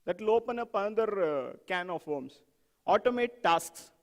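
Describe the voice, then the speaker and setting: A man giving an animated conference talk on software testing, asking the audience questions and acting out examples. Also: high voice, normal speed, long reverb tail.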